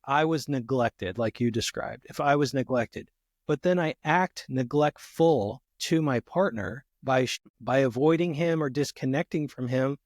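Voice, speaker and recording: A man speaking as a therapist guest in a casual podcast conversation, animated and acting out the arguments he quotes. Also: mid-range voice, no room sound, studio quality.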